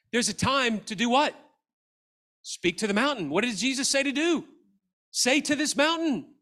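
A male pastor preaching a sermon to a church audience, animated and acting out the lines of Bible characters. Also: sits high. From Australia. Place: church hall.

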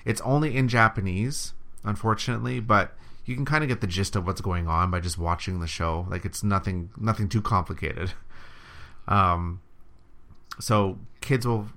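A man chatting casually as a co-vlogger, easygoing and explaining with halting restarts. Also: fairly low pitch, a bit bright. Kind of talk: casual chat.

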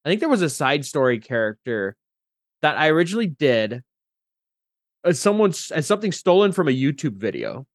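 A man's voice: on the high side, sing-song, fairly quick, dry recording, clean studio sound. A man who is a guest on a tabletop gaming podcast, chatting casually with bursts of enthusiasm.

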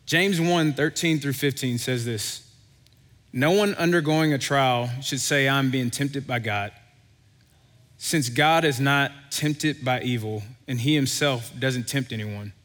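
Conversational preacher in a reverberant hall. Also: male voice, medium pitch, slow pace. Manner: conversational, animated storytelling with quoted voices. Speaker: pastor. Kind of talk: sermon.

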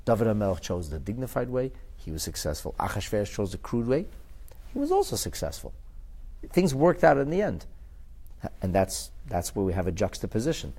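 Talmud teacher, man, lively pitch swings, restarts and repeats. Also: fairly quick, husky. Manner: animated, pitch jumps high for emphasis and acted quotes; restarts and repeats words while explaining. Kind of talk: recorded Talmud class.

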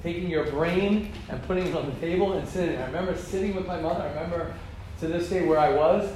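A middle-aged American man giving an informal religious lecture to a group in a study hall, animated and repetitive, acting out quoted speech. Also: fairly high pitch, fast talker. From United States. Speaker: Torah class teacher. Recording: roomy hall, faint ambient noise.

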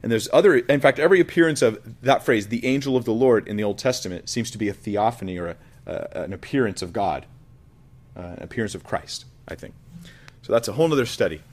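A man's voice: on the low side, animated, fast talker. A man preaching a Bible study, reading verses aloud and explaining them in an earnest, reflective way. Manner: earnest, reflective, with frequent restarts. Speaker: pastor. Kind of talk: expository Bible teaching.

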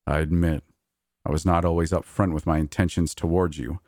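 A man voicing a sly, scheming male creature in a horror story, speaking slowly and mockingly. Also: low-pitched, steady tone, darkish tone, no room sound, studio quality, natural voice. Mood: smug, scheming. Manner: slow, deliberate, mocking. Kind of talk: horror audiobook reading.

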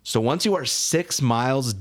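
Animated man in casual podcast chat. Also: a little slow. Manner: animated, jumps pitch up when excited or arguing. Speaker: podcast co-host.

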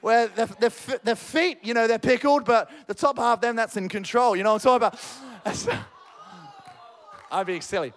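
Young guy preaching, really high voice, gets fired up telling his story. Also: normal speed. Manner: energetic storytelling preacher, acts out dialogue. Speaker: pastor. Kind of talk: sermon.

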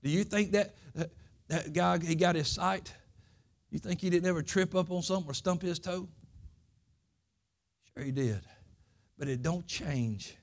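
A man's voice: sits high, a little slow, pauses often. A man preaching a Sunday school lesson, telling his own testimony in folksy, earnest, plain country speech. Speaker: pastor.

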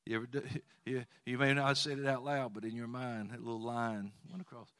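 A man preaching a sermon as pastor of a church, telling homespun stories and rising to loud exhortation when he leads praise. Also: medium pitch, flat delivery, fairly quick, dry recording, studio quality. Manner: folksy storytelling with plain asides.

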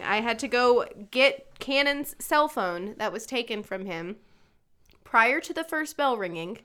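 A middle-aged woman co-hosting a radio show, telling stories in casual chat with lively laughing asides. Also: fairly high pitch, measured pace, clean tone. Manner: animated storytelling, laughing asides. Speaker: radio co-host.

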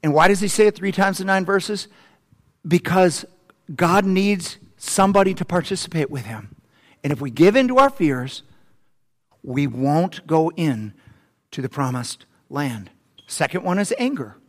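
A man preaching a sermon as pastor, swinging between loud, excited passages and hushed, slow ones. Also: a little high, big-room sound.

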